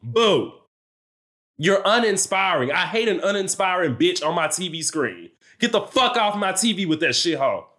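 A man's voice: high voice, big pitch swings, normal speed, few pauses, bright, forceful tone. A man co-hosting a reality TV recap podcast, ranting heatedly with lots of swearing and blunt repetition. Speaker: podcast co-host.

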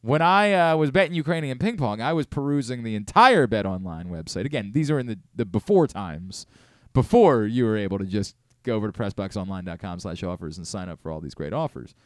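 A man's voice: on the low side, expressive, fairly quick, dry recording. A man hosting casual sports talk radio, rambling and self-deprecating, on a studio microphone.

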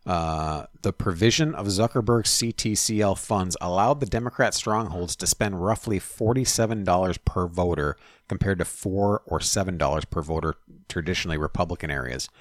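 A man's voice: deep voice, normal speed, dry recording, studio quality. A man hosting a podcast, reading news stories aloud and commenting, stumbling on words and adding profane asides. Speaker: podcast host.

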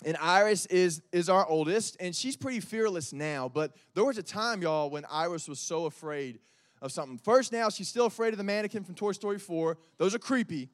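A youth pastor in his thirties gives a loose, story-driven talk, full of "like" and "y'all." His voice sits high for a man. The sound is dry and close, with no room echo. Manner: conversational, animated storytelling with many fillers. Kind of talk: youth group sermon.

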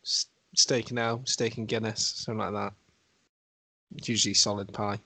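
Laid-back podcast co-host. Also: male voice, on the low side, flat delivery, brisk, background noise. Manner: laid-back, short answers. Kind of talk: casual chat.

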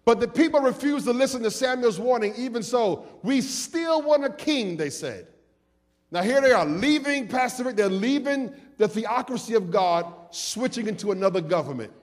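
A man preaching a sermon as pastor, with call-and-response and sung, shouted peaks that drop to quiet asides. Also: extremely high pitch, expressive, moderate pace, in a large hall.

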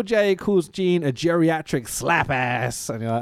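A man co-hosting a casual wrestling podcast, sweary and animated, laughing often. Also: on the high side, unhurried, clean tone, no echo, clean studio sound. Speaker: podcast co-host.

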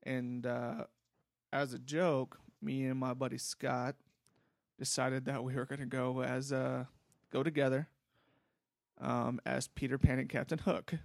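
A man's voice: mid-range voice, level tone, measured pace, creaky, no room sound, clean studio sound. A young man casually telling a long story, laid-back and rambling, with frequent swearing. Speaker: podcast host.

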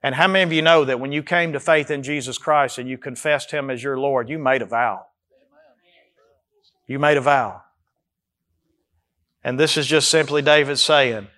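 A male pastor preaching a sermon, speaking his prayers aloud with emphatic rises and slow drawn-out phrases. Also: mid-range voice, steady tone, sharp tone.

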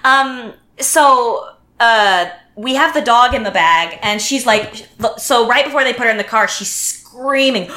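A woman's voice: a little high, a little slow, roomy sound. A woman telling a long story as a podcast guest, acting out the people she quotes and restarting her sentences often. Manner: animated, acts out quotes, many restarts. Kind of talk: casual storytelling chat.

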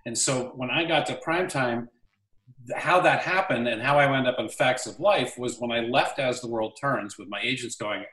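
A man's voice: mid-range voice, normal speed, roomy sound, distant mic, poor audio. Man telling a showbiz story. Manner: animated storyteller acting out quoted lines. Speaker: actor guest. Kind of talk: casual anecdote storytelling.

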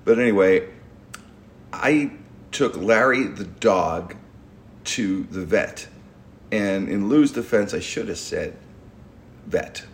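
A man's voice: fairly low pitch, expressive, takes it slowly, long pauses, slight background noise. A middle-aged man, hosting a podcast and telling a long rambling story with restarts and stumbles. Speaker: podcast host. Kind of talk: casual storytelling chat.

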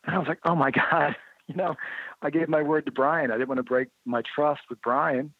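A man's voice: fairly high pitch, fairly quick, dry recording. A man talks through a thin, phone-like line with a dry, close sound. He tells his stories casually and animatedly. He slips into the voices of the people he quotes. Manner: lively anecdotal, acts out quoted dialogue. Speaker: interview guest, motorcycle writer and blogger. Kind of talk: casual storytelling interview.

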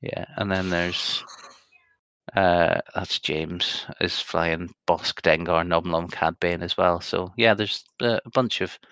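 A man's voice: sits low, fairly even intonation, slow pace, bright, forceful tone, smooth, no room sound. A man co-hosting a podcast, chatting casually and rambling through results with many ums. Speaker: podcast co-host. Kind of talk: casual chat.

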